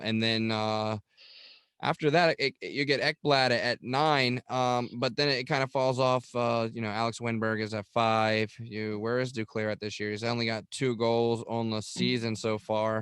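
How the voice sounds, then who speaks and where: A man's voice: lowish voice, fairly even intonation, moderate pace, a bit bright, clean tone, no echo, clean studio sound. A man co-hosting a casual sports podcast, reading off statistics with lots of ums and uhs. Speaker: podcast co-host.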